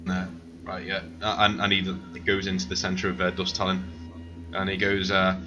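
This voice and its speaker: A man narrating as game master of a tabletop role-play, rambling and halting with many fillers. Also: low-pitched, monotone, muffled recording, music in the background.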